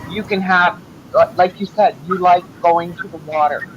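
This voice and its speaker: A man in casual chat as a guest, calmly offering advice. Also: high voice, moderate pace, muffled recording, background noise.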